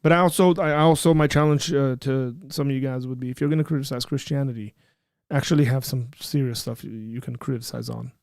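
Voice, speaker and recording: A man's voice: medium pitch, fairly even intonation, fairly quick, vocal fry, a little mellow, no echo, studio quality. A man hosting a discussion show, explaining patiently and turning blunt and emphatic when he rebuts an argument. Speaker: apologetics show host. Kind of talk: livestream discussion.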